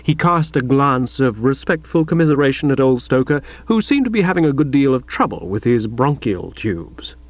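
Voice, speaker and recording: A man reading a comic novel aloud, expressive and lively, with shouted character lines. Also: mid-range voice, normal speed, few pauses, dry recording. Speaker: audiobook reader. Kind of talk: scripted narration. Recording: dull dry lo-fi recording.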